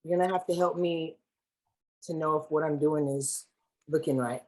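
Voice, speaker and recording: Husky low-ish woman running a zoom workshop, chatty and slangy, lots of y'all. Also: steady tone, moderate pace, a little mellow, poor audio. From Los Angeles. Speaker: workshop facilitator. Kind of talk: lively online workshop hosting. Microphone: video call.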